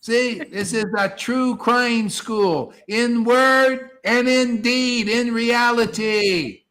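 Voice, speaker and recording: A man giving an impassioned devotional talk to an online group, preachy and fervent, swinging between soft asides and loud exclamations. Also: very high-pitched, steady tone, very slow. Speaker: spiritual teacher leading an online satsang. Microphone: video call.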